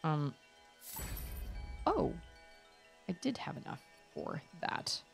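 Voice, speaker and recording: A young woman streaming a video game, chatting casually and thinking out loud as she plays. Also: low-pitched, huge pitch swings, slow pace, creaky, faint music behind. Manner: chatty, musing aloud, reading chat. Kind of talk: casual gameplay commentary.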